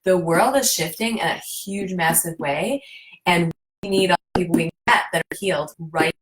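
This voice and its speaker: A woman's voice: lowish voice, moderate pace. A woman guest on a live stream talking emphatically and urgently, repeating words for stress. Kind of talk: casual live-stream chat. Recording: roomy echo.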